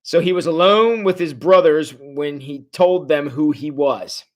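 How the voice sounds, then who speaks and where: Chatty high-voiced man leading Bible study. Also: a little slow. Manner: chatty, greets viewers' comments, animated storytelling. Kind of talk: casual livestream Bible study.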